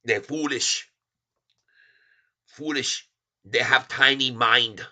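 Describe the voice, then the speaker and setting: A man's voice: mid-range voice, extremely slow, pushed and bright, voice pushed up, heavily acted. A man voicing a mocking male short seller who talks in clipped broken English.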